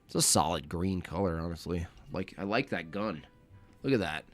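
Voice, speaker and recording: A man's voice: low-pitched, animated, moderate pace, faint music behind. A man giving sarcastic live commentary while reacting to protest footage, rambling and mocking as he goes.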